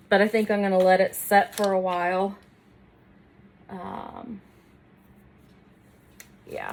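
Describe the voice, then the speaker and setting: A woman's voice: medium pitch, a little hiss or hum. A middle-aged woman chatting casually while she paints and works in her home workroom, self-deprecating and talking to the camera as she goes. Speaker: furniture makeover creator. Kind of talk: casual DIY tutorial chat.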